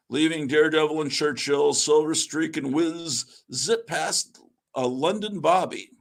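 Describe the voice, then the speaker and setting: Gravelly man reading comics aloud. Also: a little high, measured pace. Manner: reads along, breaking off for asides. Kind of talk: casual comic book read-aloud.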